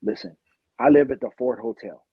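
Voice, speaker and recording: A man's voice: mid-range voice, a little fast, breathy edge, no echo, dull audio. A man voicing a desperate young woman on the streets who pleads for protection in a confiding way. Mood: pleading.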